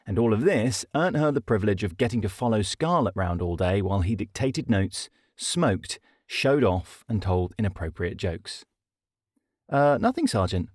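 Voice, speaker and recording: A man's voice: lowish voice, expressive, moderate pace, few pauses, darkish tone, no room sound, studio quality. A man with a British accent narrating his comedy audiobook in a wry, self-deprecating way. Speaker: narrator and author.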